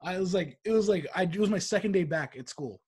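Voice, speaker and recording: Young man, podcast co-host, rapid-fire, raspy edge, animated, acts out quotes. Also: high-pitched. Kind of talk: casual storytelling chat.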